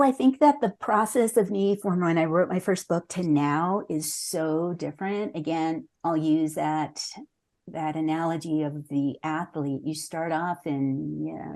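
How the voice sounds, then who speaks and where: Mellow-voiced earnest woman author. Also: low-pitched. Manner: earnest and reflective, with occasional restarts. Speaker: memoir author, interview guest. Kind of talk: conversational interview answers.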